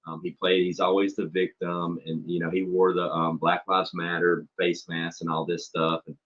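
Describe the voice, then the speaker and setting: Blunt man, low and husky, muffled lo-fi audio, profane storyteller. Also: flat delivery, moderate pace, a bit bright. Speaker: substitute teacher. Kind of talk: casual chat on a stream. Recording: dull lo-fi stream audio.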